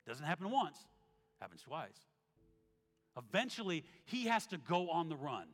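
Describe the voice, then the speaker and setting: A man preaches with a bright, slightly high voice that rises and falls across a wide range. He acts out the quotes and softens when reading scripture. The sound has a long hall reverb with faint instrumental music underneath. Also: unhurried. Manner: animated storytelling, acts out quotes, drops to soft tones for scripture. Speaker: pastor. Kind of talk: sermon. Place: church sanctuary.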